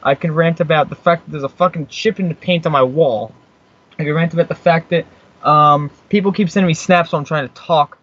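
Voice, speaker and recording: A man's voice: a little high, a little fast, fairly bright tone, dull audio. Sweary American man ranting on air. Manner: rambling, sweary, easily fired up. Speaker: internet radio host. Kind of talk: profane off-the-cuff rant. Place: small home radio studio. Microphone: studio mic with headphones.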